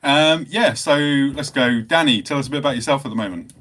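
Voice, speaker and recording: A man's voice: medium pitch, fairly quick, a bit bright. A man hosting a podcast, chatting in an easygoing, self-deprecating way. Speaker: podcast host. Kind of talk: casual chat.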